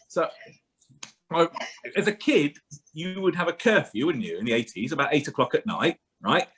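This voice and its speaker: A man in his forties performs stand-up in a chatty, rambling way, often turning to the crowd with questions. His voice sits a little high and swings widely in pitch. The live recording is noisy. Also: expressive, normal speed, fairly bright tone. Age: 40s. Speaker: stand-up comedian. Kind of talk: stand-up comedy.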